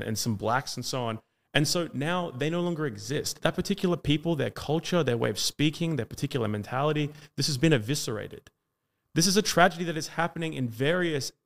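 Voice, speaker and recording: Australian man, debate monologue, argumentative, run-on sentences, lots of fillers, average pitch. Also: fairly bright tone.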